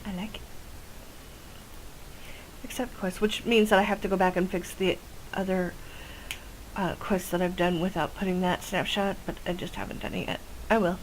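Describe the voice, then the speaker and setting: A woman's voice: lowish voice, fairly even intonation, normal speed, long pauses, slight background noise, low-quality recording. A woman hosting a gameplay video, chatting casually and rambling with many fillers. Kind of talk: casual game commentary.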